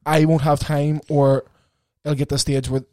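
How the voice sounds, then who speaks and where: A man co-hosting a podcast, talking in a rambling, animated way and swearing casually. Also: on the high side, moderate pace, dry recording. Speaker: podcast co-host. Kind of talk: casual chat. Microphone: podcast mic.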